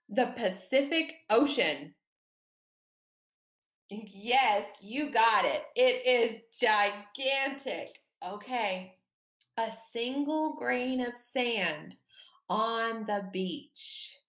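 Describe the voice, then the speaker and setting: A woman teaching a second-grade lesson, slowly and encouragingly, stressing words for young children. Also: fairly high pitch, roomy sound. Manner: slow, animated, encouraging, exaggerated emphasis for children.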